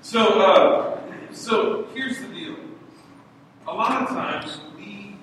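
Middle-aged male pastor, lively storytelling sermon, slightly high voice, far-off mic in a reverberant hall with background noise. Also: takes it slowly. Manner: animated storytelling, acting out voices. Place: church hall. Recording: echoey hall from far off, noisy.

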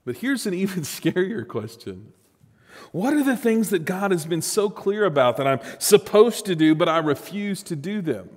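A man preaching a Sunday sermon as pastor, earnest and animated, often restarting his phrases. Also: high voice, moderate pace, long reverb tail.

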